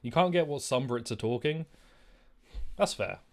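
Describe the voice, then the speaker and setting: A man's voice: mid-range voice, moderate pace, vocal fry. A man streaming a game and chatting casually, rambling and swearing freely. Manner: rambling, profane, animated. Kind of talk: casual gaming commentary.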